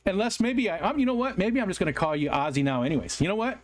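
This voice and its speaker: Man, livestream host, casual chat with viewers, rambling, apologetic, fairly high voice. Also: sing-song, fast talker. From United States. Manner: chatty, apologetic, rambling with frequent ums and restarts.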